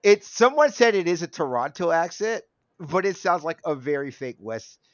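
A man's voice: fairly high pitch, very animated, normal speed, no echo, highs cut off. A man in his thirties in casual chat, rambling and laughing often. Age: 30s.

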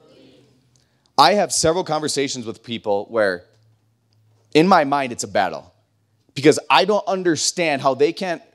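Young guy pastor, kinda high voice, rambly casual sermon with lots of likes, then gets loud and slow when he pushes a point. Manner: chatty and self-deprecating, with many likes and restarts; rises to loud, slow emphatic preaching.

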